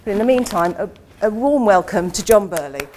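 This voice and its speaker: A woman's voice: mid-range voice, expressive, brisk, background noise. A woman hosting an event, giving a formal introduction of the guest speaker.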